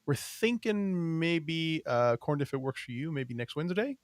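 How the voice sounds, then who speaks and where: Animated, joking male podcast host. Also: on the high side, unhurried, no echo, studio quality. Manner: animated, jokey, laughs often, rambling with fillers. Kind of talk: casual podcast chat.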